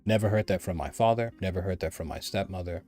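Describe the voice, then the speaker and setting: An American commentator delivers an emphatic, repetitive opinion monologue, mimicking others in a raised voice. He speaks fast in a low, dark voice, with faint music behind him.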